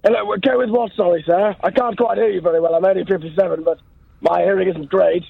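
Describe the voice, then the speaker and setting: A man's voice: high voice, fairly even intonation, fast, vocal fry, breathy edge, no echo, full character voice. A man doing a posh, polite older man who says he is hard of hearing, calling in over the phone with overly formal manners. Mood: prim. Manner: overly formal, calls the host sir. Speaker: prank caller. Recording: tinny phone line.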